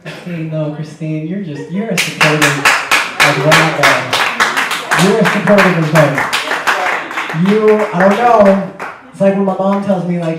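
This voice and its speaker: Male emcee, teasing and rambly, slightly high voice, distant mic, very echoey club. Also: unhurried, noisy background. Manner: teasing, rambling banter with the audience. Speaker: comedy show host. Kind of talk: emceeing between acts. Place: comedy club stage. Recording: echoey club recorded from afar.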